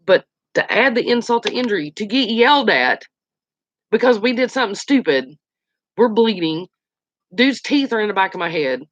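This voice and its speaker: Vlogger in their forties, lively colloquial storyteller; dull lo-fi sound, dry. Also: medium pitch, moderate pace, no room sound. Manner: animated, colloquial, exclaiming. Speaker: outdoors channel host. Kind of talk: casual storytelling.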